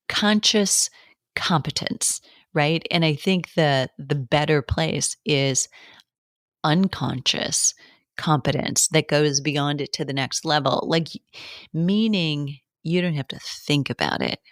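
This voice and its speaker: A woman with a notably low voice talks casually about coaching, with a conversational flow, restarts and short laughs. The sound is dry and close, with no room echo. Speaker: fitness business coach and podcast host. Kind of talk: casual advice monologue.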